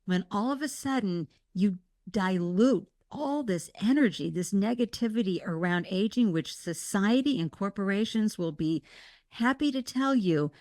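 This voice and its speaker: A woman guest talking in an interview, passionate and emphatic, with animated bursts of enthusiasm. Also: medium pitch, a little slow, dry recording, studio quality. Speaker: guest, startup mentor and podcast host. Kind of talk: conversational interview.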